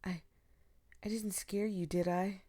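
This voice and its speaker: A woman voicing a shy, gentle young man, whispered role-play with soft, halting, stammering lines. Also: mid-range voice, steady tone, close to an everyday voice.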